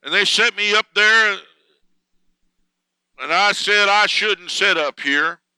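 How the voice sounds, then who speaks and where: A man preaching a sermon fervently, swelling louder and slower on key words. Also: sits high, smooth, dry recording, poor audio.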